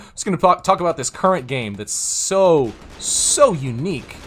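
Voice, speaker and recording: Give me a man casually commentating a game, rambling in a lively, swooping voice. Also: a little high, measured pace, a little hiss or hum. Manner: rambling, self-interrupting, chuckles often. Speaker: streamer casting a strategy game.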